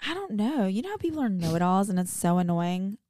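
A woman chats and jokes as a podcast co-host. Her voice is a little hoarse. The sound is dry and close, with no room echo. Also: medium pitch, big pitch swings, quick pace, dark tone. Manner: chatty, jokey, laughs often. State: slightly hoarse from a lost voice. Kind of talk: casual chat.

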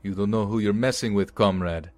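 A man's voice: on the low side, fairly even intonation, fairly quick, a little mellow, no echo, close to an everyday voice. A man voicing a huge, bald, drunk male brute who slurs threats. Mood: menacing. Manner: slurred, hostile.

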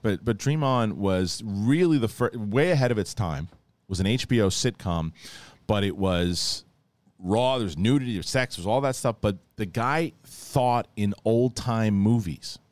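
Man, low-pitched, casual podcast talker; rambling, profane storyteller who voices the characters he quotes. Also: normal speed, no echo. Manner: animated storytelling, acts out quoted lines in a raised voice; profane, rambling with many restarts. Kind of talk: casual chat.

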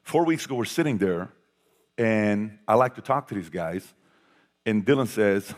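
A man giving a motivational talk to an audience, telling a family story with animated swings from loud to hushed. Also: fairly low pitch, moderate pace. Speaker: speaker.

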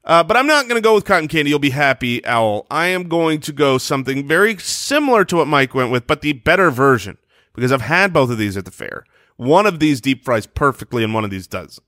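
A man in his thirties co-hosting a podcast, teasing his friends in playful, animated casual banter. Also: on the high side, no room sound, clean studio sound. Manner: playful, animated, quick to tease. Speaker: podcast co-host.

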